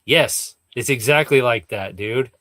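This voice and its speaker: A man co-hosting a comics podcast in a laid-back, casual way, laughing often and calling people dude. His voice is mid-pitched, and the room is dry. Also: unhurried, bright, forceful tone, dry recording. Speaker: podcast co-host. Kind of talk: casual chat.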